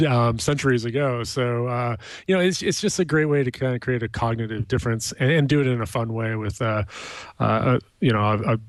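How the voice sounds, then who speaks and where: A man speaking as a panel guest, relaxed and rambling with many fillers. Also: medium pitch, fairly quick, dry recording. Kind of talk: casual panel discussion.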